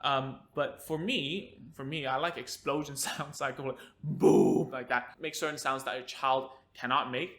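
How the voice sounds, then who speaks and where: A man's voice: mid-range voice, fairly even intonation, moderate pace, few pauses, bright, forceful tone. A man, a speech therapist, talking energetically to parents in an educational video, with frequent tag questions like "all right?".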